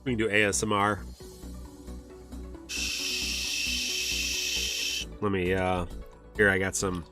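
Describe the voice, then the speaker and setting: A man's voice: sits low, level tone, brisk, music in the background. A man hosting a podcast livestream pre-show, chatting casually, rambling and joking with frequent laughs. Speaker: podcast host.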